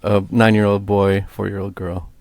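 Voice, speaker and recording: Man, low voice, dry close sound, interview guest, rambling, lots of fillers, a bit tired. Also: normal speed, dry recording. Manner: rambling, many fillers, animated asides. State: slightly tired. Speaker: musician guest. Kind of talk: casual interview chat.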